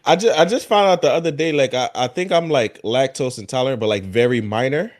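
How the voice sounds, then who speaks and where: A man joking in loose slangy podcast chat, animated and laughing often. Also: mid-range voice, brisk. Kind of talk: casual chat.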